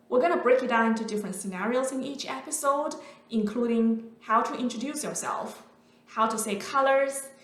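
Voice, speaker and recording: Woman teaching mandarin, slow careful demo voice, kinda echoey room. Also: fairly high pitch. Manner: slow, careful, drawn-out demonstration of sounds. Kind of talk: online language lesson.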